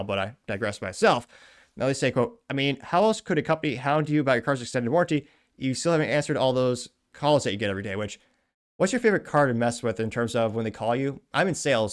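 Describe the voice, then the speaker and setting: A male host rattles through a news article at a brisk pace. He breaks in often with wry, chatty asides and corrects himself as he goes. His voice sits at an ordinary middle pitch for a man. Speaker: show host. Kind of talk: casual commentary reading a news article.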